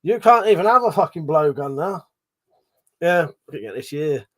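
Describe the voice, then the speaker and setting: A man's voice: a little high, animated, normal speed. A man hosting a casual livestream, rambling, swearing freely and reading viewers' chat aloud. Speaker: livestream host.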